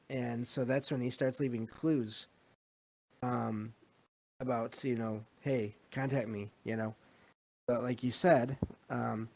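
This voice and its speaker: A man's voice: mid-range voice, gravelly, darkish tone. A podcast host chatting loosely about a movie, with a lot of ums, restarts and asides to his live chat. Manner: rambling, many fillers, reads live chat. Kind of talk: casual movie review chat.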